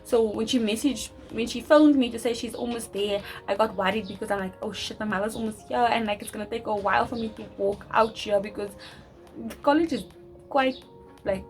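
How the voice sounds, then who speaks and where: A young woman telling a personal story to camera, talking loud and fast with many restarts. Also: a little high, soft background music, rough recording. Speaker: vlogger.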